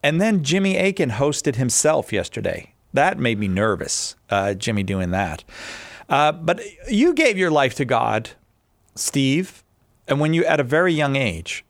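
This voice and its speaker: A male radio host talks with a guest in a friendly, bantering way and reads out the call-in number. His middle-pitched voice sits close to a studio mic with a dry, dead sound. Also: sing-song, a little slow, creaky, dry recording.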